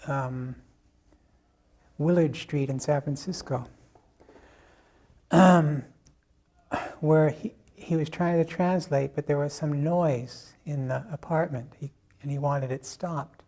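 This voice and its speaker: An older man recalls an old memory for an interviewer, telling it slowly and haltingly. His voice is mellow and warm. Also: fairly high pitch. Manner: unhurried, halting storytelling. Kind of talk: personal reminiscence.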